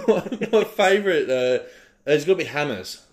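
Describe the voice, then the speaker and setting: Brief: young Australian man, casual sweary co-host, animated pitch, quick to laugh. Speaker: podcast co-host. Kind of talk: casual banter.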